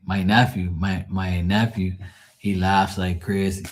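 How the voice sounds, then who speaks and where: A man's voice: sits low, little pitch movement, moderate pace. A man hosting a live tarot stream, telling rambling family stories full of swearing and laughing asides. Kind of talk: casual storytelling livestream.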